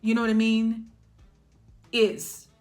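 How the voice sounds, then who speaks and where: A middle-aged woman giving a casual tarot reading in a chatty way, clearing her throat and laughing often. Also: a little high, completely flat delivery, slow, a little mellow, faint music behind. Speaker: tarot reader.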